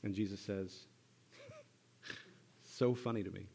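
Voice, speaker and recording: A man preaching a sermon in a church, conversational and animated, acting out lines from a Bible story. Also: mid-range voice, moderate pace. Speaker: pastor. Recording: church hall with long reverb.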